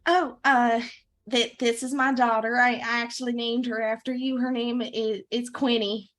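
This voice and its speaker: A woman's voice: on the high side, flat delivery, normal speed, a bit bright, pitched above the performer's own voice, close to an everyday voice. Woman doing a gushing, flustered young mother. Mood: tender. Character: warm young mother, Levy's older sister.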